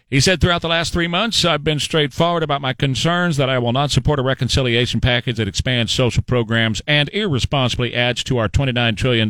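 A man's voice: mid-range voice, fairly bright tone, no room sound. A man hosting talk radio, combative and sarcastic in his commentary. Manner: combative and sarcastic, mocking voices of others.

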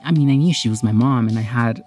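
A woman's voice: rumbling low, quick pace, warm tone, faint music behind. A woman telling a personal story in a candid, heartfelt, conversational way.

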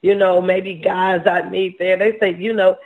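A woman preacher giving a sermon, often repeating words and restarting her sentences, with soft laughs between points. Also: on the low side, flat delivery, a little slow. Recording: tinny phone-like sound.

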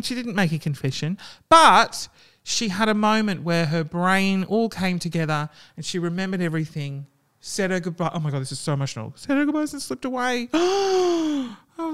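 Man reading stories with hushed reactions. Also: fairly high pitch, smooth. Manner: reactive, drops to hushed asides between readings.

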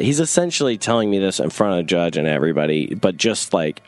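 A man's voice: deep voice, big pitch swings, quick pace, no room sound. A young man from North Carolina telling a rambling personal story in casual talk, filling it with "like" and acting out what others said. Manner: rambling, frequent "like", acts out quoted voices. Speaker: guest storyteller.

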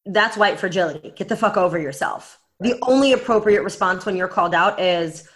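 A woman's voice: medium pitch, fairly quick, a bit bright. A woman co-hosting a podcast in casual chat, blunt and emphatic, swearing now and then. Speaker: podcast co-host.

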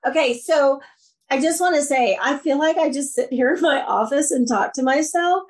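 Woman, podcast guest, lively storyteller, fairly high voice. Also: normal speed. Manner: enthusiastic, animated storyteller. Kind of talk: casual interview chat.

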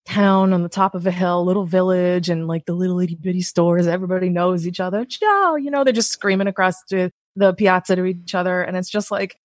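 A woman in her thirties, a podcast guest, talking in a chatty, animated way with lots of "like.". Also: on the low side, a little fast, few pauses, no echo, clean studio sound. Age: 30s. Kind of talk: casual interview chat. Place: Maui, Hawaii.

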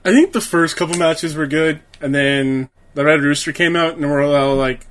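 A man's voice: on the high side, normal speed, fairly bright tone. A man chatting casually while watching old wrestling, dry and matter-of-fact. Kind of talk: casual chat.

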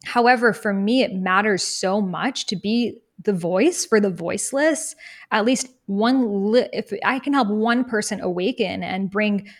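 A young woman speaks as an interview guest, earnest and reflective, at an ordinary middle pitch. She grows animated when she quotes people she has met. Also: unhurried. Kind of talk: personal storytelling in conversation.

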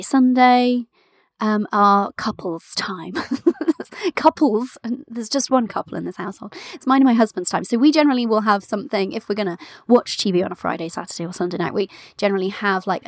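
A woman's voice: mid-range voice, brisk, no echo, studio quality. A woman in her thirties hosting a casual solo podcast, chatty and giggly, calling listeners "my love". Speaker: podcast host and business coach for mothers.

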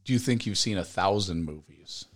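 A man's voice: low-pitched, animated, normal speed. A man co-hosting a podcast in casual chat, easygoing and self-mocking as he tells stories. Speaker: podcast co-host.

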